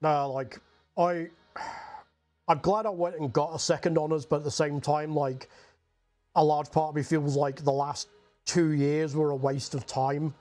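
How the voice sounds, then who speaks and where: A man's voice: on the high side, steady tone, measured pace, darkish tone, soft background music. A young man with a Scottish accent chatting casually and rambling while he paints on a livestream, swearing freely and saying "like" a lot.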